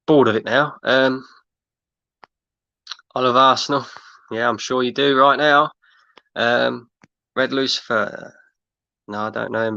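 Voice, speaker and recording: A man's voice: mid-range voice, creaky, sharp tone, no room sound, muffled recording. A man hosting a fan livestream, ranting in exasperation and repeating himself while he reads out chat comments. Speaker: fan channel host. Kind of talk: livestream rant reading chat.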